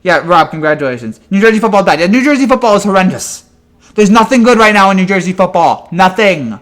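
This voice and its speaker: Exasperated high-voiced man ranting. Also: lively intonation, fast talker, fairly bright tone. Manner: exasperated and ranting, with frequent stammered restarts. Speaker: sports fan commentator. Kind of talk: fan reaction rant.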